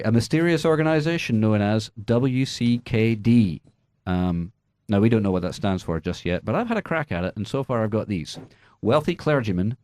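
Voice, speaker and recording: A man hosting a radio movie show, reading the news with sarcastic, deadpan jokes. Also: fairly low pitch, dry recording. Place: radio studio.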